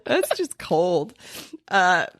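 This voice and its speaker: A woman's voice: on the low side, wildly swooping pitch, very slow, a bit bright, dry recording, studio quality. A young adult woman co-hosting a podcast in casual chat, reading out listener stories with rambling, swearing asides. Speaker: podcast co-host.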